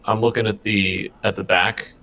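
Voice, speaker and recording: A man playing a game with friends, calmly talking through tasks in a relaxed way. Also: on the low side, moderate pace, creaky. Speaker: co-player. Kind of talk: casual chat while playing a game.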